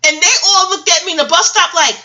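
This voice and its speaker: Brief: forties New woman, high bright voice, rowdy vlog rant with lots of acted-out quotes. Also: steady tone, fast, highs cut off. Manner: profane, laughing, acts out quotes in many voices. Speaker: vlogger. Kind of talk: animated storytelling rant. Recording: audio-only home vlog.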